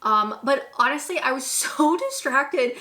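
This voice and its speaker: A young woman talks through a movie recap in a sharp, sarcastic tone. Her voice is bright and crisp and sits a little high. Everything she says comes out with snark. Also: expressive, unhurried. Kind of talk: casual comedic movie recap.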